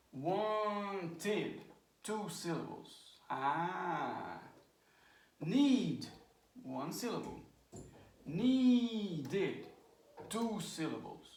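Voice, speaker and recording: An English teacher originally from a Portuguese-speaking background runs a slow pronunciation drill in a low-pitched voice. The mic is distant and the room is echoey, and she repeatedly asks her listeners "right?" and "okay?"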